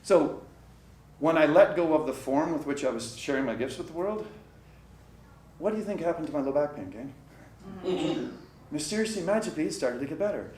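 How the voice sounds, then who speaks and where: Animated man speaking in an echoey room. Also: a little high, moderate pace, long pauses. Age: middle-aged. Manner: animated, addresses audience directly, frequent "right?". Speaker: coach and workshop speaker. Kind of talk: motivational workshop talk. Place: conference room with live audience. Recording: echoey room, distant mic, faint noise.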